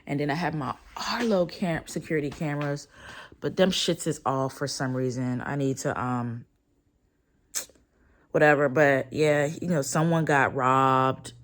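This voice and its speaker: A woman's voice: low voice, fairly even intonation, measured pace. A woman vlogging from bed at home, venting in casual, profane talk.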